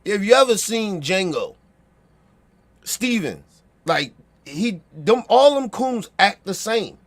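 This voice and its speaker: A man's voice: high-pitched, sing-song, slow, fairly bright tone. A man with a Baltimore accent giving a blunt, profane opinion rant, repeating himself and checking that listeners agree.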